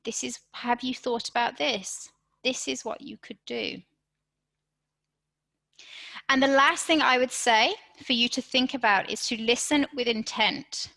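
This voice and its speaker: A woman's voice: a little high, a little slow, vocal fry, bright, forceful tone, rough recording. A woman presenting a live online workshop, encouraging and speaking straight to her audience, often checking in with "okay?". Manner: encouraging, addresses audience directly with frequent "okay?". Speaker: webinar presenter.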